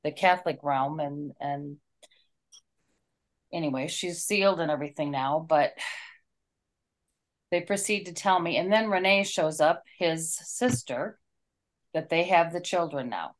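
A woman's voice: sits low, unhurried, pauses often. A woman co-hosting a casual talk, retelling a story in an earnest, heartfelt way.

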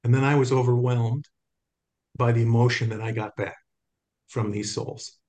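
A man's voice: medium pitch, fairly even intonation, moderate pace, a little mellow. A man leading a small spiritual fellowship group, talking earnestly and telling stories with quoted dialogue. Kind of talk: informal spiritual talk to a group.

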